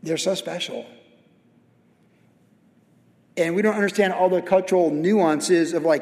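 High-voiced preacher in a reverberant hall. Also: male voice, a little fast, darkish tone. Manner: conversational, anecdotal and humorous. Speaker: pastor. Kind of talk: sermon.

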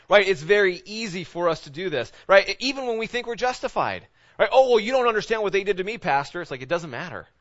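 A man preaching a sermon as a pastor, his voice a little higher than most men's. He asks one rhetorical question after another and keeps checking in with "right?". He swings from loud emphasis down to low, hushed intensity, and the recording sounds dull and lo-fi.

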